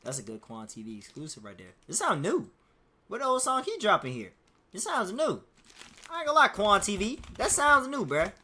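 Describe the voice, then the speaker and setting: A man's voice: sits high, huge pitch swings, normal speed, bright, forceful tone, slight background noise. A man streaming casually, rambling in a loose, profane, slang-heavy way. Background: faint music playing.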